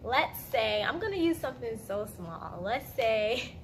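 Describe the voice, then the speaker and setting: A young woman talks straight to camera about meditation and intuition, chatty and earnest, with plenty of fillers. Her voice sits a little high. A faint hiss of background noise runs under the recording. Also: animated, a little slow. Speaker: meditation vlogger. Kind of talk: casual talk to camera.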